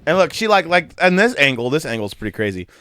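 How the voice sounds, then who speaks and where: A man co-hosting a casual podcast chat, retelling video clips in a lively play-by-play way. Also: a little high, quick pace, dry recording. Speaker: podcast co-host.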